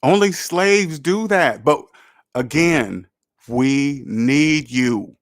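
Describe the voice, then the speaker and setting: A man's voice: a little high, expressive, drawn-out words, no room sound, studio quality. A man hosting a personal finance livestream, lecturing emphatically with rhetorical questions and answering chat. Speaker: personal finance show host.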